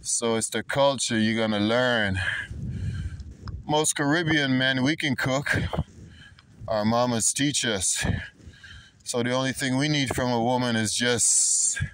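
Man, Jamaican-American accent, unhurried rambling talk, faint outdoor noise. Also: medium pitch, a bit bright. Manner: rambling, greets passersby. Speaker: vlogger. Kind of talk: casual talk while cycling. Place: outdoors in a park on a bicycle.

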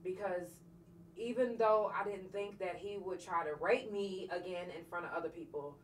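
A woman's voice: fairly low pitch, steady tone, moderate pace, recorded from a distance. A woman hosting her own podcast tells a hard personal story with blunt, profane candor. She sounds set back from the mic in an echoing room, with a faint hiss of noise behind her. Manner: blunt, profane, emotionally charged retelling. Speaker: podcast host. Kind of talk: candid personal storytelling on a livestream.

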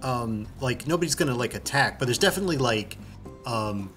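A man narrating a tabletop game as game master, halting and searching for his words. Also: mid-range voice, animated, a bit bright, soft background music.

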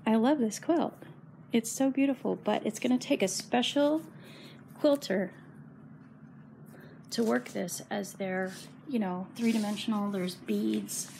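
A woman in her fifties with a gravelly, fry-laden voice, talking slowly and unhurriedly. She chats in a gushing, emotional way, as if close to tears, showing off her things. A faint hum of noise sits under the recording. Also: fairly high pitch, darkish tone. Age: 50s. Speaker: quilting vlogger. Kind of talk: casual show-and-tell chat.

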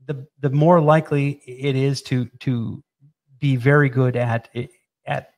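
A man's voice: mid-range voice, a little slow. Chatty man explaining a process. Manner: animated, repeats words, playful asides. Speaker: presenter explaining equipment. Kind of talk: casual technical explanation over drawings.

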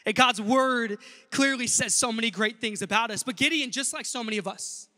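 A man's voice: very high voice, fairly quick, pushed and bright, in a large hall. A male pastor preaching an earnest sermon in a church and speaking directly to the congregation. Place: church sanctuary.

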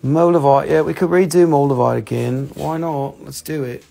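A man's voice: a little high, steady tone, moderate pace, vocal fry, mellow. A man hosting a live mineral sale in a folksy, rambling, self-joking way. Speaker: host of a live mineral sales show. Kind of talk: casual live selling chat.

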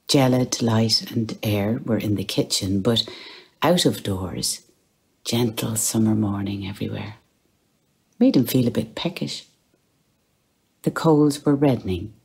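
An Irish woman reading a novel aloud in a strikingly deep, husky voice. She takes her time and lets the melody rise and fall widely, dropping to a near whisper for inner thoughts. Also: darkish tone. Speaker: audiobook reader. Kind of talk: literary reading.

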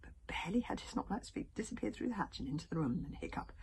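A woman's voice: mid-range voice, expressive, quick pace. A woman in a whispered storybook reading, narrating a chapter and adding her own little asides. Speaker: reader.

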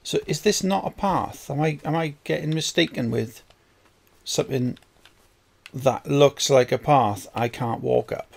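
A man's voice: mid-range voice, measured pace, vocal fry. A man narrating his own gameplay, swearing constantly and getting frustrated at the game. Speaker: gaming video creator. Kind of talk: let's play commentary.

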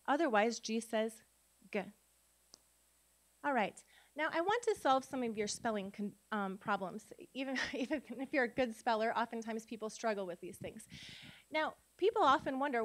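High-voiced woman quizzing a conference audience. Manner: quizzing the audience with rhetorical questions. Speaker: literacy educator and conference speaker. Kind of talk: conference talk teaching phonics rules. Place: conference room before an audience.

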